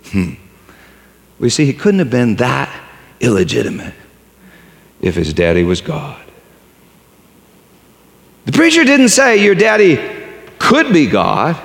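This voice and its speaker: A male preacher delivers a storytelling sermon with dramatic emphasis. His voice sits a little high and swings widely in pitch. A long reverb rings around him as in a large hall. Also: creaky.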